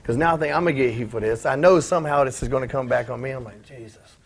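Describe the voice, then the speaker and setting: A man's voice: medium pitch, racing. A man in his forties, a former pro wrestler telling profane stories in an interview and acting out the voices of the people in them. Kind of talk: casual storytelling in a shoot interview.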